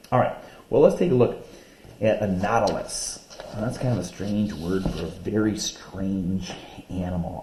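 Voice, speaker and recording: A male teacher with a low, warm, mellow voice, walking a class through a reading lesson. He explains patiently, step by step, and reads lines of poetry slowly, counting the syllables out loud. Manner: reads poems slowly and deliberately.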